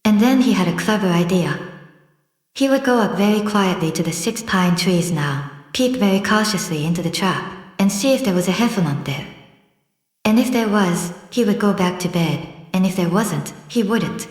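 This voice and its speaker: A woman narrating a children's audiobook gently, describing the drawings as she goes. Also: mid-range voice, lively intonation, normal speed, soft background music. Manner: gentle, describes pictures aloud. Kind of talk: scripted storybook narration. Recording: roomy echo.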